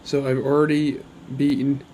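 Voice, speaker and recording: A man's voice: mid-range voice, flat delivery, normal speed, mellow. A man with a mid-range voice talks through a game session in casual commentary. He is chatty and upbeat and drifts into rambling asides. Faint noise sits under his voice. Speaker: gaming channel host.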